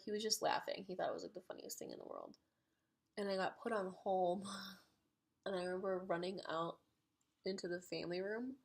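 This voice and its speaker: Gravelly, husky young-sounding woman vlogger. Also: lowish voice. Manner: excitable, chatty, heavy use of "like". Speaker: storytime vlogger. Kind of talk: casual storytelling.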